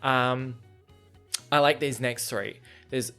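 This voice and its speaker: A man's voice: mid-range voice, fairly even intonation, slow pace, a bit bright, faint music behind. A young Australian man hosting a casual solo podcast, chatty and rambling, laughing often. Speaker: podcast host.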